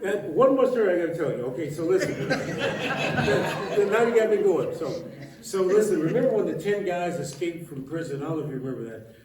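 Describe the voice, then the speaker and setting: A man's voice: sits high, lively intonation, brisk, crowd noise. A man, a former police chief, telling a humorous story to an audience at a church meeting, laughing often and acting out the quoted dialogue. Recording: echoey hall from far off.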